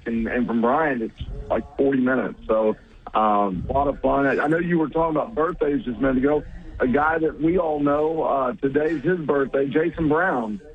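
A man co-hosting a casual radio chat, talking in halting bursts with many restarts. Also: medium pitch, husky. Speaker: radio show co-host. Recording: phone-like narrow sound.

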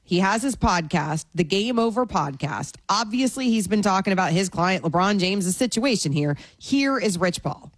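A woman co-hosting a sports talk radio show while sick, with a hoarse, raspy voice and a wry, animated delivery. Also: mid-range voice, moderate pace, few pauses, dry recording. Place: radio studio.

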